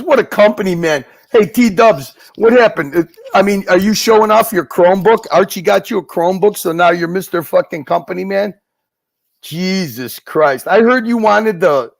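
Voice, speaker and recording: Man, raised pitch, gravelly, lively swings, dry close sound, profane teasing banter. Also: no room sound. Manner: teasing and profane, laughs often. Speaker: guest co-host on a live stream. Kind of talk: casual live-stream banter.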